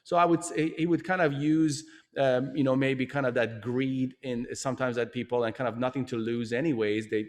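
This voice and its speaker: A man hosts an investing interview in a mid-pitched voice. He talks things through thoughtfully, pausing on fillers and restarting phrases. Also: steady tone. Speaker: show host. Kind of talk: interview discussion.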